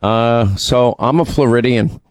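A man's voice: medium pitch, a little slow, no room sound. A man from New York co-hosting a talk radio show, rambling casually through ad reads and news with many ums and restarts. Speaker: radio co-host. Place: radio studio.

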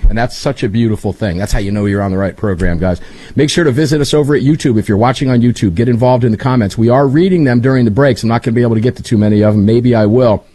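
Husky-voiced energetic talk radio host man. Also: mid-range voice, no echo. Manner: fast, energetic, chummy. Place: home studio.

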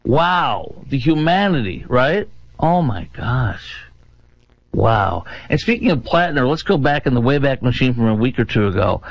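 A man's voice: mid-range voice, very animated, a little slow, vocal fry, dry recording, muffled recording. A man hosting a talk show, giving sarcastic, mocking commentary on clips.

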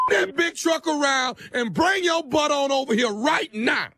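Man putting on a high shrill furious neighbor. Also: unhurried, full character voice. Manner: shouting, sobbing, streetwise slang. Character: furious grown man wailing over his mama's tree. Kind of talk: prank phone call.

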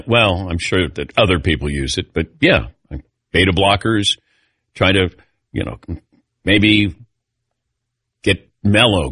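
Lively, bright-voiced middle-aged talk host. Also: male voice, deep voice, slightly rough, no echo, clean studio sound. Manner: animated storyteller, calls on panelists. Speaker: radio show host. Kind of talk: sports talk radio banter.

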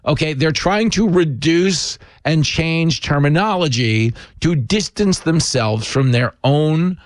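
A man's voice: fairly high pitch, slow pace, no room sound. A man hosting a show, delivering opinionated political commentary with sarcastic, mocking asides.

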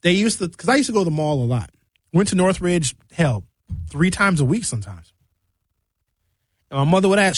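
A man's voice: very animated, a little fast, pauses often, no room sound. Male radio host with a raised voice, loose comic storyteller, dry close mic. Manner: loose, joking storyteller with big pitch swings. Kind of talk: comedic radio monologue.

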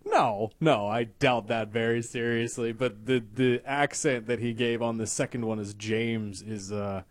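A man's voice: mid-range voice, fairly even intonation, measured pace, dry recording. A man co-hosting a radio show and screening calls, with casual, wry banter.

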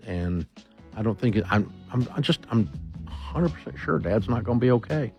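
A man's voice: medium pitch, animated, moderate pace, creaky, lo-fi sound, faint music behind. A man hosting an advice talk show, speaking bluntly in a casual way and restarting his sentences as he thinks aloud.

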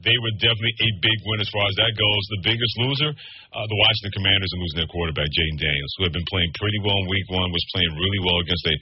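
Fast-talking husky sports radio host. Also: male voice, sits low, fairly even intonation, no echo, lo-fi sound. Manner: brisk, reads plugs and phone numbers.

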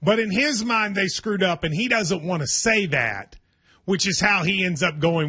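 A man's voice: high-pitched, animated, normal speed, bright, forceful tone, breathy edge. A man hosting a sports talk show, chatting casually and teasing his co-host wryly. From Kentucky. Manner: wry, teasing, hedging restarts. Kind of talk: casual sports radio chat.

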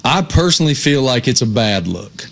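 Measured male sports show co-host. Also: medium pitch, very animated, creaky. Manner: measured, thinks aloud with opinions. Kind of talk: casual sports talk. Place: TV studio.

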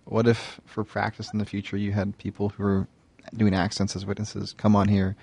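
A podcast guest talking in a low-key, thoughtful way during a casual chat, with a gravelly, husky voice. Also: completely flat delivery, moderate pace, a little mellow.

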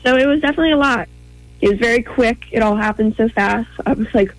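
A young woman earnestly telling a personal story as an interview guest, in quick short phrases with frequent ums. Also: on the high side, dry recording, rough recording.

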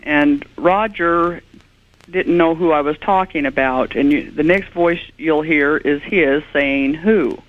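A woman's voice: sits low, slow pace. A woman investigating hauntings, a guest on a radio show, earnestly explaining her evidence. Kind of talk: radio interview. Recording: tinny phone line.

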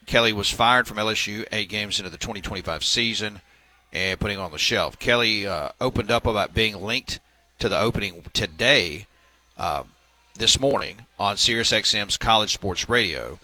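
A man's voice: lowish voice, moderate pace, sharp tone, dry recording, poor audio. A man hosting a sports talk radio segment, reading news items with filler words and wry asides.

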